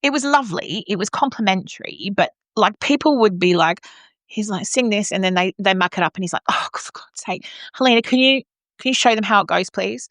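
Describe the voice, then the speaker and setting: A woman's voice: medium pitch, a little fast, fairly bright tone, no echo, studio quality. A woman with an Australian accent, an opera singer co-hosting a podcast, chatting casually in a playful, teasing and slightly cheeky way.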